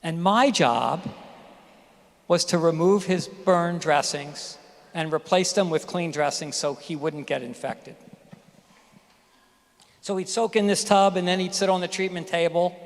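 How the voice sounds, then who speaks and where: A middle-aged man addresses a graduating class, telling a personal story candidly and with emphasis. His voice sits a little high for a man. The sound carries a long reverb from the ceremony hall. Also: a little slow, long pauses. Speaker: commencement speaker, physician. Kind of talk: graduation speech.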